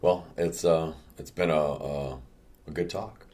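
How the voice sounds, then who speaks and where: Deep-voiced young guy on a podcast, jokey, lots of ums. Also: fairly even intonation, measured pace, a little mellow. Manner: jokey, laughs easily, hesitant with fillers. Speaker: podcast co-host, gym owner. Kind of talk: casual chat.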